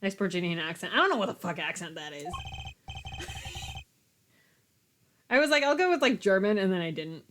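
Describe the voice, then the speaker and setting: A woman's voice: lowish voice, very animated, moderate pace, pauses often, a bit bright, slight background noise. Giggly woman streamer playing a game. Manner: giggly, swears casually. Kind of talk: casual let's-play commentary. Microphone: desk mic.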